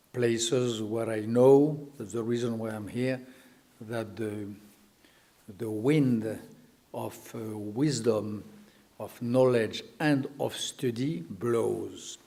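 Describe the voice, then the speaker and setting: An older man with a French accent, a native French speaker, giving a public lecture in English. He talks slowly and deliberately, with frequent hesitations. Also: medium pitch, mellow. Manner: slow and deliberate, with many hesitations. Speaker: guest speaker.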